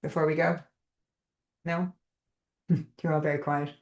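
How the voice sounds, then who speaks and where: A woman hosts a casual group coaching call, rambling and chatty, with plenty of fillers and check-ins with listeners. Her voice is low and darkish, her delivery flat and measured, and the sound is roomy.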